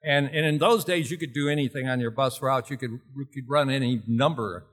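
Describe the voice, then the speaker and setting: Older male preacher, bright tone, lively storyteller who laughs and shouts now and then. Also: medium pitch, fairly quick. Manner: animated, laughs often, jumps to shouting. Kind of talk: storytelling sermon.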